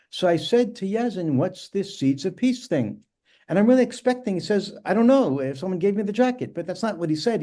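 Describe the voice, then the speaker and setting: A middle-aged man from New York, a rabbi telling his story as a guest in a podcast interview, in an earnest, measured way. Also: on the high side, mellow.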